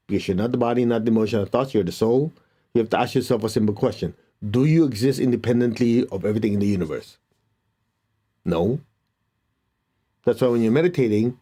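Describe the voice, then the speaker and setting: A man teaching and leading a guided meditation, giving calm, gentle instructions and prayers. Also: medium pitch.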